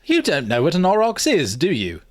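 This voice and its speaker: Man voicing a mocking know-it-all, raised pitch, taunting, insistent, derisive, dry close sound. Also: big pitch swings, normal speed, no room sound.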